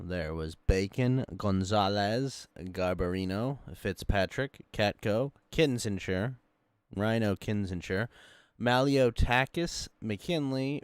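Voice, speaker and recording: A man's voice: fairly low pitch, clean tone, no echo. A young man hosting a casual online talk show, laid-back and chuckling often. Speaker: podcast host. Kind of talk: casual chat.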